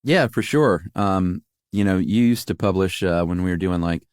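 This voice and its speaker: Casual podcast co-host, male, lowish voice, relaxed and hesitant, dry close mic. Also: normal speed, clean tone, no echo. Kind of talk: casual chat.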